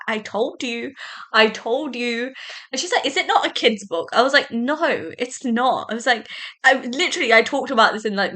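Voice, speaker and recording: Young woman, solo podcast host, bright voice, excitable and rambling. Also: medium pitch. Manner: chatty and excitable, many "like"s and tangents. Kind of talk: casual solo podcast chat.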